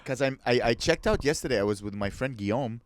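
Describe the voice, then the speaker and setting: A man's voice: mid-range voice, fast talker, no echo. A man co-hosting a podcast, teasing and joking with his co-host in casual chat. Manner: teasing, lively.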